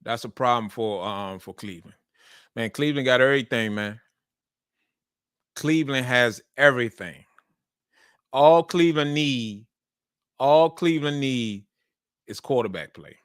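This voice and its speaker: A man's voice: medium pitch, unhurried, pauses often, fairly bright tone, clean tone, dry recording, studio quality. A man hosting a sports show, talking casually and emphatically about football and repeating his points. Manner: repetitive, emphatic, colloquial.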